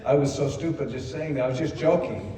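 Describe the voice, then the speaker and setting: Hoarse older man in echoey hall. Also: medium pitch, brisk, far from the mic, background noise. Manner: folksy, self-deprecating storyteller. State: hoarse from speaking. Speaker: company co-founder giving a convention speech. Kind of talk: personal storytelling speech. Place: large convention hall.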